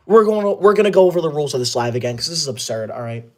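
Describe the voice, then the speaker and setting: A man's voice: on the high side, lively intonation, fast, a little mellow, natural voice. A man playing a bossy, touchy schoolboy livestreamer who is obsessed with rules, in a comedic livestream parody, talking in a scolding, indignant way.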